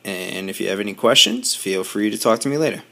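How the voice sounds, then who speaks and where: A man with a low, gravelly voice teaches a recorded grammar lesson. He explains patiently, step by step, and drops quick asides to his students. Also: pushed and bright. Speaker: high school Spanish teacher.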